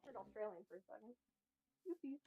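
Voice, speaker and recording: A woman's voice: medium pitch, lively intonation, fairly quick, gravelly, mellow, a little hiss or hum. A woman streamer chatting casually outdoors on earbuds while scolding her dogs. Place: outdoors, on a walk. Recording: dull lo-fi sound.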